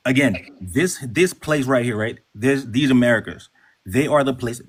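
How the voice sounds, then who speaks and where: A man's voice: mid-range voice, lively intonation, slightly rough. A middle-aged man, a guest on a live-stream debate, talking in hesitant bursts and restarting often. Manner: fast, hesitant, restarts when interrupted. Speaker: guest caller.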